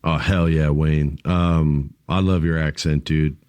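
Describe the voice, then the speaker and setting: A man's voice: a bass voice, fairly even intonation, slow, darkish tone, clear, resonant tone, no room sound. A man hosting a wrestling podcast, chatting with enthusiasm, laughing often and using casual slang. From Puerto Rico. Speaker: podcast host. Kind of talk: casual chat.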